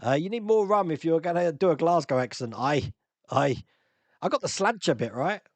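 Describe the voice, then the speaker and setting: A man's voice: a little high, animated, moderate pace, no room sound. A man hosting a casual live-stream Q&A, chatting and laughing as he answers viewer comments.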